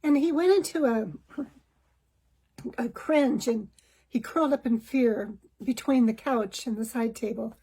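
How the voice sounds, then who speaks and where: Husky woman telling a personal story. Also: a little high, a little slow, long pauses, dark tone, rough recording. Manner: candid, self-examining, clears throat now and then. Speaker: podcast host.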